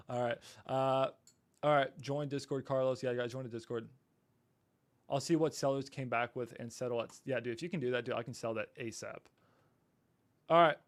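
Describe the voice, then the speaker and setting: A man's voice: medium pitch, steady tone, moderate pace, pauses often, no echo. A man hosting a casual livestream, apologetic and flustered while he fights his equipment and talks to viewers. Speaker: livestream host.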